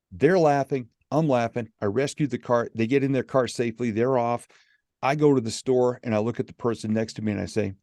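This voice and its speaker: Animated storytelling man, mellow voice. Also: mid-range voice, brisk, dry recording, studio quality. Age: middle-aged. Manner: animated, acts out quoted dialogue. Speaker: podcast guest. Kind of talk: storytelling in a podcast interview.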